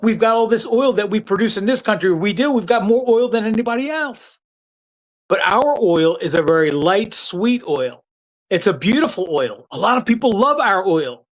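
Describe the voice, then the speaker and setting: Over poor audio, a male livestreamer delivers political commentary in a high, fairly bright voice. Addressing his chat viewers directly, he's blunt and fired up, slangy, and often starts his sentences over.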